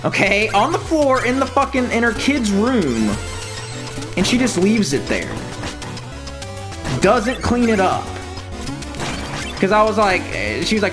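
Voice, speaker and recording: A man's voice: sits high, very animated, moderate pace. A man ranting to his viewers in casual, profane talk, telling stories with mocking impressions. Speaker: streamer. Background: video game music.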